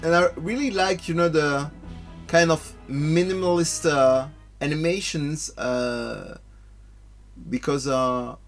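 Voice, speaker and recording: A man hosting a let's play, commentating casually in a halting way with many restarts and fillers. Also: fairly high pitch, fairly even intonation. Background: game music.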